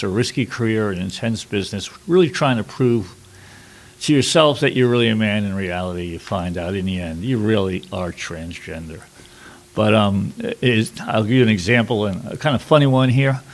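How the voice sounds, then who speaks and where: A middle-aged man from New York City, a war correspondent telling a personal story at a workshop, halting with many fillers. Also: on the low side, gravelly. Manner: halting, with frequent fillers and restarts.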